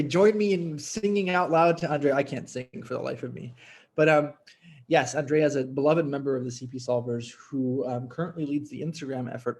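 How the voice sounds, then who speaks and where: A man hosting a clinical case conference on a video call, talking in a chatty, lively way and thinking aloud with fillers. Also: medium pitch, husky. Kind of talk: casual, talkative teaching.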